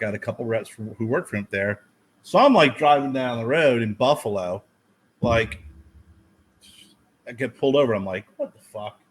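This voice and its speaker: Husky-voiced man telling profane stories. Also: mid-range voice. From United States. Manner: profane, animated storyteller who acts out his own past lines. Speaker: podcast co-host. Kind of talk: casual chat.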